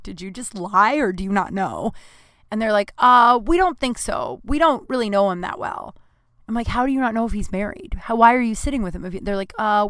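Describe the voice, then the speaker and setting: Young woman comedian, smooth clear voice, dry close sound, chatty rambling storyteller. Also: fairly high pitch, a bit bright, no room sound. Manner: chatty, rambling, self-deprecating asides. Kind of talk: comic storytelling.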